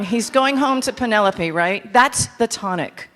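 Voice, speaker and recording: A woman in her fifties, a composer teaching a master class to a live audience, animated, candid and self-mocking. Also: mid-range voice, measured pace. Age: 50s. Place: large hall with audience. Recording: echoey hall with instrument.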